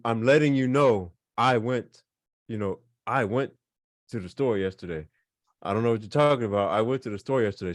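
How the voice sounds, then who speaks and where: A man's voice: medium pitch, dry recording. Casual male language teacher, dry sound. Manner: casual, repetitive, explains with examples and fillers. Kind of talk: online class lesson.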